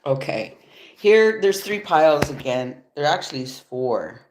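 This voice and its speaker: Her voice is deep, sing-song, and a little mellow, moving at a measured pace, though allergies leave it stuffy and nasal. The tarot reader livestreams a casual reading from home after yoga using her phone, relaxed and loose, chuckling frequently and swearing now and then.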